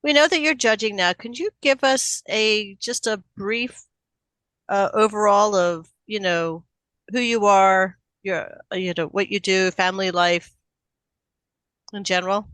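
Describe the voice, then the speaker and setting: A woman co-hosting a podcast, asking questions in a halting, apologetic, casual way. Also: medium pitch, a bit bright, smooth, no echo. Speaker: podcast co-host.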